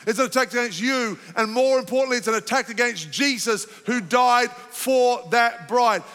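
A man's voice: very high voice, smooth, in a large hall. A male pastor preaching a sermon in a church, impassioned and building to fervent emphasis. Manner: impassioned, rising to fervent emphasis then calming. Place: church sanctuary.

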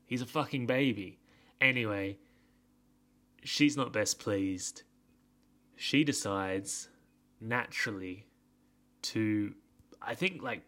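Young male podcast host, casual rambling recap, bright tone. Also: mid-range voice. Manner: rambling, sweary, self-deprecating.

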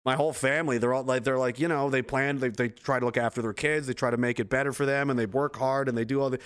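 A man's voice: medium pitch, steady tone, quick pace, smooth. A man streaming live, reading viewer comments and ranting in a rambling, profane way while laughing at his own jokes.

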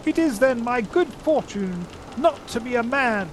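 A man's voice: very high-pitched, lively intonation, unhurried, background noise, voice pushed up. A man reading aloud and voicing a valiant, proud male talking mouse knight with a grand, formal manner. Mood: stiff.

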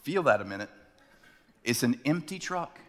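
A male pastor preaching a sermon in a church sanctuary, telling stories with dramatic slowdowns for emphasis. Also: medium pitch, sing-song, big-room sound.

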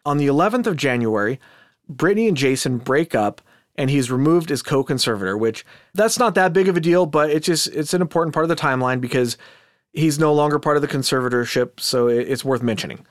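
A man's voice: mid-range voice, lively intonation, brisk, no echo, clean studio sound. A man hosting a casual commentary podcast, chatty and skeptical, talking with asides and restarts. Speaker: podcast host.

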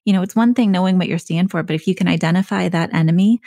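A woman's voice: lowish voice, fast, vocal fry, warm tone, no echo, clean studio sound. A woman hosting a podcast interview, encouraging her guest with frequent affirmations. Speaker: podcast host. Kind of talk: casual interview.

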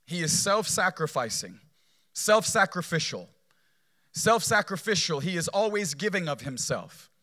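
A man's voice: fairly high pitch, bright, forceful tone. A man preaching a sermon in a conversational way, often tagging his points with "right?" and repeating phrases for emphasis. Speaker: pastor.

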